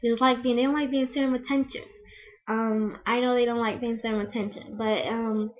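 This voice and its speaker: A woman's voice: on the high side, fairly even intonation, fairly quick. Rambling teen girl on dull webcam audio. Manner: rambling, filler-heavy, frequent restarts. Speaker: vlogger. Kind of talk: casual fan vlog rant.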